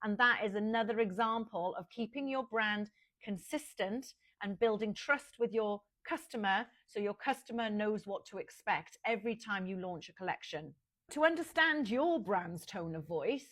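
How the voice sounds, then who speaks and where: A woman's voice: mid-range voice, a bit bright. Woman, fashion consultant, casual direct-to-camera advice, conversational with small restarts.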